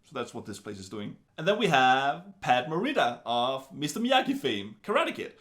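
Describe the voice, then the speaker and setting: A man giving a casual film review in an animated, wry way, full of chatty asides. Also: medium pitch, moderate pace.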